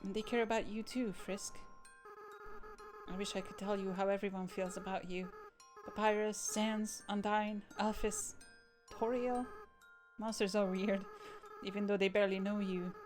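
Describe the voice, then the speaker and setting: Girl voicing tearful little goat monster boy, soft and halting, game music loud behind. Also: medium pitch, level tone, lightly acted. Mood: remorseful. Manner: soft, earnest, halting reading. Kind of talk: game dialogue read aloud.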